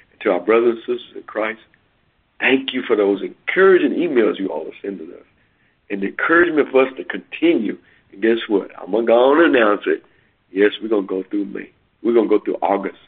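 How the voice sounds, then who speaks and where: A man's voice: fairly low pitch, vocal fry, husky. A man preaching and announcing upcoming sermons, then leading a prayer, heard over a phone call. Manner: preacherly, emphatic with drawn-out words. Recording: tinny phone line.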